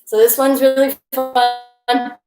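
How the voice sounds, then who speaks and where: A woman's voice: high-pitched, little pitch movement, slow pace, echoey room, over music, low-quality recording. Woman coaching a yoga class, slightly breathless. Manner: casual, encouraging, laughs often, slightly out of breath while moving. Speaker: yoga instructor. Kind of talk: live-streamed yoga class instruction.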